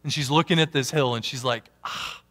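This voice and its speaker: A man preaching a sermon as a pastor, animated, swinging from loud emphatic peaks down to quiet asides. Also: medium pitch, fast. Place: church sanctuary. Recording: long church hall reverb.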